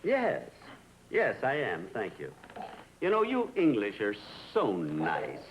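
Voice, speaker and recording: A man's voice: lowish voice, wildly swooping pitch, slow pace, rough recording. A man acting in an old TV sitcom, a comedian who grows fussy and indignant about being copied. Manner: indignant, fussy comic complaining. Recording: old TV audio with audience and hiss.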